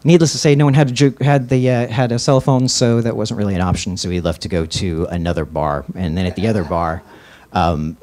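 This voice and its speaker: A radio DJ telling a personal story live on stage, casual and rambling with fillers. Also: male voice, on the low side, brisk, a little mellow, a little hiss or hum.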